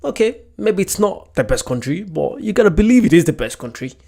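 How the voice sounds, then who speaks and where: A man's voice: high-pitched, big pitch swings, brisk, creaky, darkish tone. A man hosting a reaction video, chatting casually and enthusiastically.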